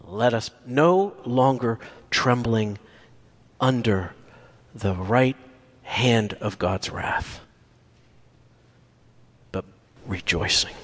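Slow, emphatic male preacher in a reverberant hall. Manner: emphatic, rising in pitch on repeated phrases, dropping to near-whispers on key words. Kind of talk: sermon. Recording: long reverb from a large hall.

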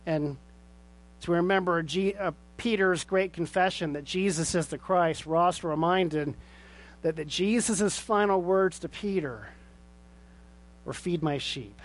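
A man's voice: high-pitched, unhurried. A man preaching a sermon with earnest rhetorical questions, then leading a closing prayer. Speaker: pastor.

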